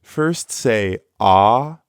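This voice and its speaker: Lower-voiced man teaching in a dry studio. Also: lively intonation, extremely slow, dry recording. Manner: clear, instructive, encouraging. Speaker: co-host of audio lessons. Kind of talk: scripted lesson narration.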